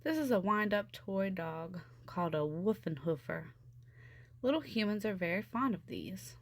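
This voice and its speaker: A woman's voice: medium pitch, animated, normal speed, no room sound. A woman voicing a chatty, self-assured male seagull who explains everything, in a storybook reading. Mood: confident. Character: know-it-all male seagull, confident and chatty. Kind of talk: storybook read-aloud.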